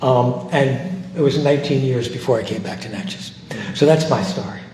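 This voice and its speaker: An older man, a former civil rights volunteer, telling his story at a post-screening discussion, reflective and halting, with many restarts. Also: medium pitch, darkish tone. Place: large hall. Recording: echoey hall, faint noise.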